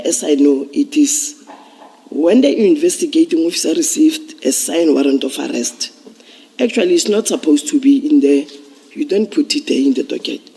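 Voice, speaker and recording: A man testifying as a police officer at a commission hearing, explaining procedure in a measured way with some restarts. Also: fairly high pitch, vocal fry, warm tone, breathy edge. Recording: long reverb of a large hearing room.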